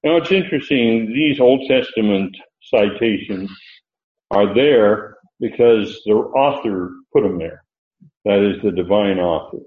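Low-voiced man teaching scripture, roomy lo-fi. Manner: reads verses slowly with emphatic stress, many "uh" pauses. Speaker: Bible teacher. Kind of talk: Bible lesson reading scripture aloud. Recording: roomy lo-fi recording.

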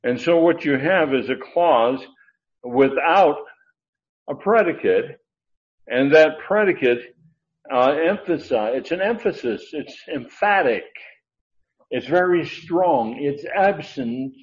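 This lecturer's voice is medium in pitch and expressive, moving at a measured pace as he teaches Bible grammar. He wanders off track with lots of fillers and restarts, then presses his main points forcefully, all captured in dull, lo-fi sound.

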